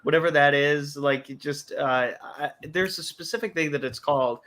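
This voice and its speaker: High-voiced young man rambling and laughing. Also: normal speed, a bit bright. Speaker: host. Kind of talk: casual chat.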